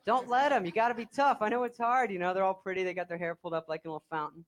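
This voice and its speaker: A man's voice: sits high, fairly even intonation, very fast. A young man doing a stand-up comedy set with a brash, punchy delivery and sarcastic asides. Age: young adult. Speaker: stand-up comic. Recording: old TV broadcast, audience laughter and hiss. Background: studio audience laughing.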